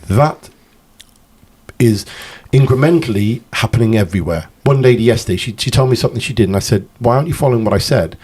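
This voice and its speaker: A man's voice: mid-range voice, expressive, quick pace, a little mellow, husky. A man hosting a podcast, chatty, asking questions and telling anecdotes. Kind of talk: podcast conversation.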